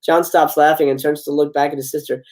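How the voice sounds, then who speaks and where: A man's voice: fairly high pitch, little pitch movement, fast talker, darkish tone, rough recording. Brief: male streamer reading a screenplay live, casual, laughs at lines, trips over words. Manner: reads stage directions with chuckling asides and stumbles. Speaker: host reading film scripts. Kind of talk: live script read-aloud.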